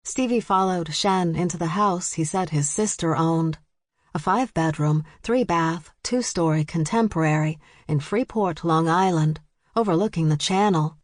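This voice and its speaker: A woman narrating an audiobook in a steady storytelling manner, recorded close. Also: on the low side, normal speed, no echo. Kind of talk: scripted narration.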